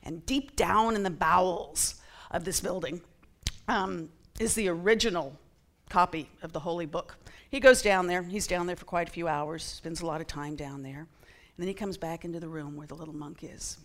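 A woman's voice: fairly low pitch, moderate pace, fairly bright tone. A middle-aged woman speaking to a church congregation in a chatty, self-deprecating way, with frequent ums. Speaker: church member giving a talk. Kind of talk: casual sermon talk to a congregation. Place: church sanctuary.

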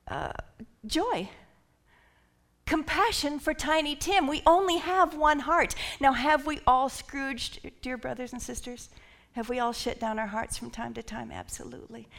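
Her voice a little high, a woman minister delivers a lively sermon, leading her congregation in call and response. She swings between whispers and shouts.

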